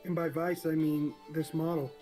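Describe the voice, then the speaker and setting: Co-host guy teasing his buddy, dry deadpan jabs, music going behind. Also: a little high, normal speed. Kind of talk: casual live-stream banter.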